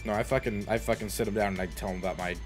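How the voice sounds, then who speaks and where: A man with a lowish voice plays his character in a tabletop game, cursing freely and stumbling over repeated words. Faint music plays behind him. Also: fairly even intonation, very fast. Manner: swears a lot, stammers and repeats himself. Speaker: player. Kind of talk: in-character role-play, casual.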